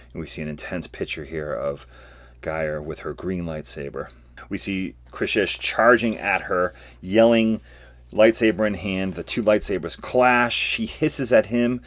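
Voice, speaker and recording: A man hosting a podcast, recapping a comic in a casual, excitable way. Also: low voice, unhurried, no echo. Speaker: podcast host.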